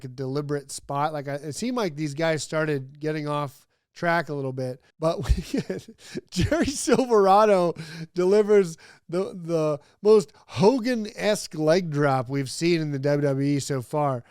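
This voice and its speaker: A man's voice: on the high side, a little mellow, no echo, clean studio sound. Sarcastic man rambling through a wrestling review. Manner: rambling, sarcastic, many fillers, laughs often. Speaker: host. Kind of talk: comedic wrestling review commentary.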